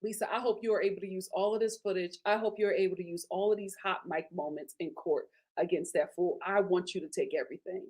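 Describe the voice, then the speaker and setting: A woman hosting a casual reality TV review. She talks in an animated, emphatic way and repeats her lines for effect. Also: lowish voice, quick pace, hardly any pauses. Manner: retells scenes in quoted voices. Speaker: host of a TV recap channel.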